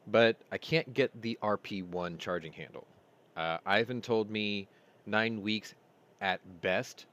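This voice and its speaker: A man's voice: lowish voice, fairly bright tone. A man hosting a casual weekly chat show, telling long, rambling stories and acting out both sides of conversations. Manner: rambling storyteller, retells dialogue. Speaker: host.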